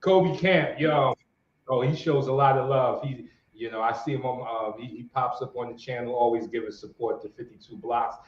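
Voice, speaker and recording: A man's voice: mid-range voice, steady tone, moderate pace. A man hosting a casual live stream, hyping up the show and saluting viewers from the chat. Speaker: host. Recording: roomy, muffled home stream audio.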